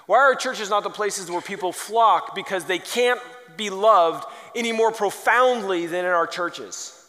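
High-voiced preacher in a reverberant hall. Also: male voice, measured pace, sharp tone, soft background music. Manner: storytelling with humor, rhetorical questions. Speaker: pastor. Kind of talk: sermon.

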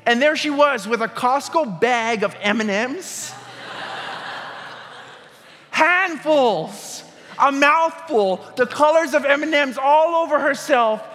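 In a reverberant hall with music playing, a middle-aged pastor speaks slowly in an extremely high, fairly bright voice with lively intonation. He preaches by recounting a personal story conversationally and putting questions to his audience.

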